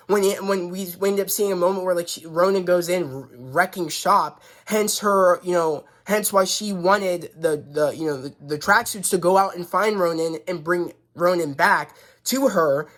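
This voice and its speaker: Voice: mid-range voice, a bit bright. Rambling reviewer full of "you know". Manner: rambling, full of "you know" and restarts, retelling scenes with quoted lines. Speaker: YouTube reviewer. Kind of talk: casual spoken episode review.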